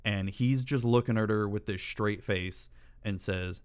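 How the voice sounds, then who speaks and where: This channel host has a lowish, clear, resonant voice and takes his time. He tells stories to camera in a loose, rambling way, swearing often and launching into exasperated rants.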